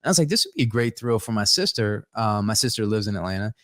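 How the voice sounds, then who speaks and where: A man co-hosting a podcast, telling a story in a casual, animated way with lots of laughter. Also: lowish voice, quick pace, no echo, clean studio sound. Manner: animated, laughs a lot, acts out voices in stories. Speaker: podcast co-host.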